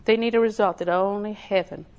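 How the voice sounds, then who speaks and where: A woman's voice: medium pitch, fairly even intonation, fairly quick, dull audio. A middle-aged woman, preaching a sermon in a folksy, storytelling way with lots of repetition.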